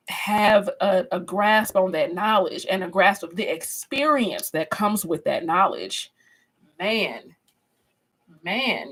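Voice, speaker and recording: Woman instructor, casual live-class host, unhurried, conversational, lots of restarts, talks straight to viewers. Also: mid-range voice, fairly bright tone, slightly rough, poor audio. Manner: chatty and conversational, often restarts, addresses viewers as y'all. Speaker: course instructor leading a live class discussion.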